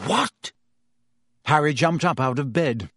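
A man reading a novel aloud as an audiobook, with steady, expressive storytelling. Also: mid-range voice, moderate pace, dry recording, studio quality. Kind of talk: audiobook narration.

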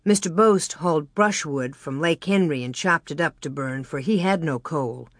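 A woman's voice: low voice, moderate pace, no room sound. Woman narrating a storybook, dry close sound. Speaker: audiobook narrator. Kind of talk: scripted narration.

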